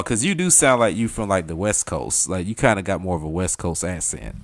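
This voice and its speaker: A man's voice: low voice, sing-song, fairly quick, few pauses. A man in his thirties with a thick Southern US accent, rambling casually to his live-stream chat, full of slang and fillers.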